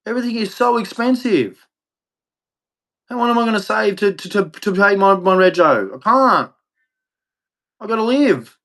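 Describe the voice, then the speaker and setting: An Australian-accented vlogger delivers a bitter, profane, angry monologue to camera, cursing freely and circling back over the same complaints. His voice is expressive and fairly bright, a little higher than most men's, at normal speed with long pauses.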